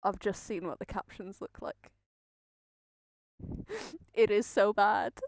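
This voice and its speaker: A woman's voice: mid-range voice, animated, slow pace. A woman live-streaming in a chatty, giggly way, thinking aloud as she reacts. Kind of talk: casual live-stream chat.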